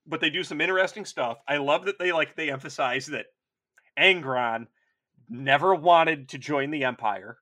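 Bright-voiced rambling podcast host. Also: male voice, on the high side, normal speed. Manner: rambling, profane, enthusiastic. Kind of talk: casual chat.

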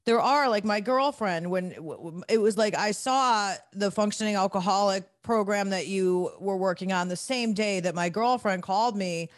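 A man's voice: high voice, normal speed, few pauses, no echo, studio quality. A man hosting a podcast, talking bluntly and candidly about his recovery, with frequent restarts and swearing. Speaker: podcast host.

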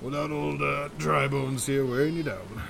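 A man voicing an ancient, gentle, grandfatherly skeleton in a tabletop role-play, talking in a wistful, measured way. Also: mid-range voice, creaky, slight background noise, voice pushed up. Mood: encouraging.

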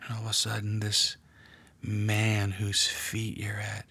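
Slow, hushed man leading prayer. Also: lowish voice, completely flat delivery, slightly rough. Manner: slow, hushed, often whispering. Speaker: prayer leader. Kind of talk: guided prayer meditation.

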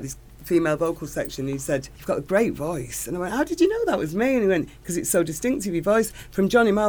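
A woman's voice: deep voice, a little mellow. A middle-aged woman singer, chatting enthusiastically as an interview guest. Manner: gushing, enthusiastic storytelling. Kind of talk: casual interview chat.

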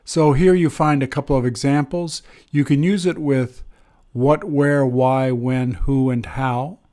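Male English teacher, slow and deliberate delivery, mid-range pitch, explanatory lesson tone. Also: steady tone, dark tone. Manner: slow, deliberate, with pauses and fillers.

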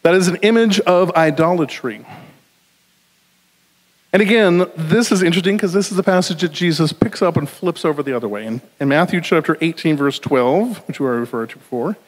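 A man with a Southern US accent preaching a conversational sermon with jokey asides, slowing down for emphasis. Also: fairly high pitch. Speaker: pastor. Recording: long hall reverb.

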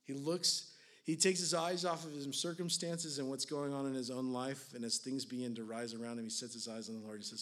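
A man's voice: medium pitch, fairly quick. Casual, impassioned man preaching. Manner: conversational, fillers of "like", rising to intense then hushed. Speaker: pastor. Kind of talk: sermon.

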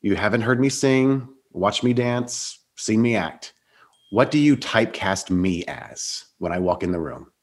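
An upbeat man hosts an interview and laughs often. His voice sits a little low, and he runs through quick quiz questions. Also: lively intonation. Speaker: interview host. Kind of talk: podcast interview with quiz round.

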